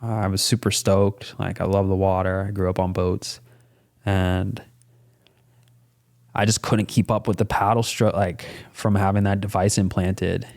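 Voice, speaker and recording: A young adult man with a lowish, creaky, darkish voice appears as a podcast guest. He tells a personal story casually and earnestly, rambling, using lots of fillers and swearing now and then.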